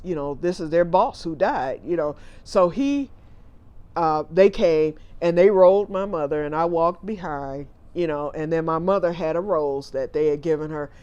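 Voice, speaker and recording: A man's voice: a little high, a little mellow, smooth, muffled recording. A middle-aged man, a family caregiver, telling a personal story in a chatty, rambling way, often retelling what people said.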